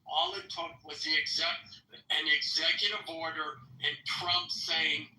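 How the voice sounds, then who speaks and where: A man's voice: on the high side, very animated, a little slow, gravelly, bright, forceful tone, far from the mic. A man hosting a political podcast in casual chat, rambling with crude asides. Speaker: podcast host. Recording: roomy echo, off-mic, faint background hum.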